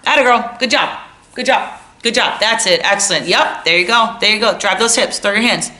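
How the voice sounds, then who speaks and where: A woman's voice: mid-range voice, normal speed, bright, forceful tone, echoey room, close to an everyday voice. A woman acting out an overeager private lesson coach who repeats the same hitting cues nonstop. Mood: cheering. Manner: cheering the same cues over and over.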